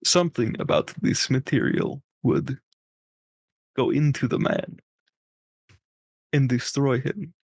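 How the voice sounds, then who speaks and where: Player narrating, slow and measured, mid pitch. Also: male voice, breathy edge, no echo. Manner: measured, searching for words. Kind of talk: narrating his character's actions in a tabletop game.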